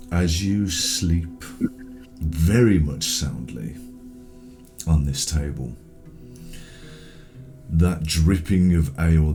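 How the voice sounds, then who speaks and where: A man narrating as game master, his voice extremely deep and his delivery very slow. He paints each scene in a measured, descriptive way. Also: dark tone, faint music behind. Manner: measured, scene-setting with fillers.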